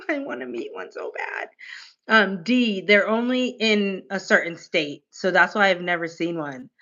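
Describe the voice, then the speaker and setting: A woman streamer chatting casually on a livestream, gushing and animated, and she swears casually. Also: medium pitch, muffled recording.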